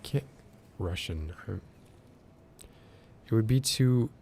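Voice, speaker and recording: A soft-spoken man chatting casually and rambling while streaming a video game. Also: fairly low pitch, expressive, slow, vocal fry, a little hiss or hum. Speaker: game streamer and ASMR creator. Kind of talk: casual livestream chat while gaming.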